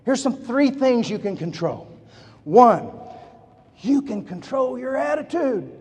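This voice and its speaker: High-voiced man revving up a hall. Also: slow pace, husky. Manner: energetic, folksy storytelling with audience call-and-response. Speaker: motivational speaker. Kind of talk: motivational stage speech. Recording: long hall reverb.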